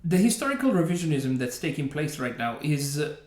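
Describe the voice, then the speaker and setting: A man's voice: on the high side, big pitch swings, fairly quick. Sarcastic man ranting in a roomy echo. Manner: sarcastic, scornful, laughs often. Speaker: reaction video host. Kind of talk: opinionated game reaction commentary.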